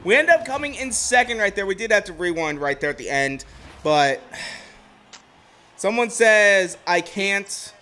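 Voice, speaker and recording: Brief: young male streamer, high, bright voice, excitable and rambling, casual game chat. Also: measured pace, slight background noise. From Ohio, USA. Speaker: gameplay streamer. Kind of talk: casual gameplay commentary.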